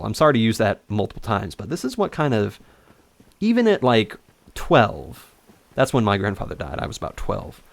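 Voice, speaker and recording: A young man in casual commentary, telling a long personal story over gameplay, rambling and correcting himself as he goes. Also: lowish voice. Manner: rambling, self-correcting, animated when indignant. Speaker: let's play commentator.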